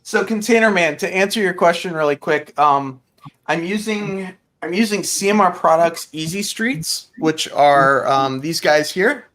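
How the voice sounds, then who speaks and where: A man's voice: high voice, measured pace. A middle-aged man hosting a casual livestream, chatting easily as he builds model scenery. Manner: relaxed, talks while building scenery. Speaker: host of a model railroad livestream. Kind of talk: casual chat while working.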